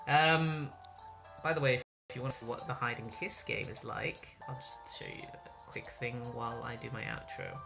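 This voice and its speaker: Low-voiced sarcastic woman gamer. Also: lively intonation, normal speed, vocal fry. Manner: sarcastic, swears freely. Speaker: gaming video host. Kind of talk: casual let's-play commentary. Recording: loud game music behind.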